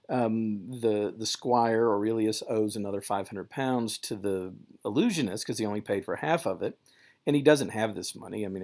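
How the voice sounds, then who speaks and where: Guy teaching a lit class, kinda gravelly, talks loose and lively, restarts a lot. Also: fairly low pitch. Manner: conversational, animated, many fillers and restarts. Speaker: literature lecturer. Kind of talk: classroom lecture with paraphrased readings.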